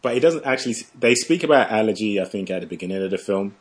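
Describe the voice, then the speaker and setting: A man's voice: on the low side, lively intonation, rapid-fire, slightly rough. A man co-hosting a casual film podcast, chiming in with dry, sarcastic asides. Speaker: podcast co-host. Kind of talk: casual film breakdown chat.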